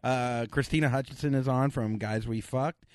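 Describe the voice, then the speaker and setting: A man's voice: medium pitch, steady tone. A man hosting a comedy podcast, joking crudely and laughing a lot as he chats with a guest. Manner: goofy, crude and quick to laugh. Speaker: podcast host. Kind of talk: casual comedy podcast chat.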